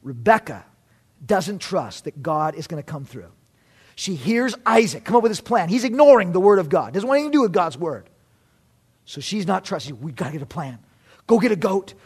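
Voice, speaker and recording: A man's voice: sits high, sing-song, moderate pace, breathy edge. A man preaching a sermon in a conversational, storytelling way, often repeating his words.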